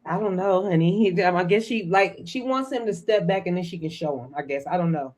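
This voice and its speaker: A woman hosting a casual chat recapping a reality show, animated and quick to act out quotes. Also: on the low side. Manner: animated, acts out quotes, laughs often. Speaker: host.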